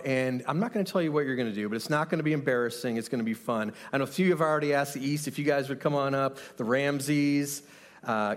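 A man leading a sermon opening from a church stage, chatty and upbeat, laughing often as he runs a game with the congregation on a handheld microphone. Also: medium pitch. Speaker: pastor.

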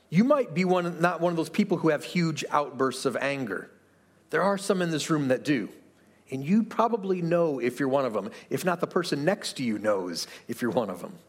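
A pastor giving an earnest, conversational sermon to his church, asking the room rhetorical questions. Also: fairly high pitch. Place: church sanctuary.

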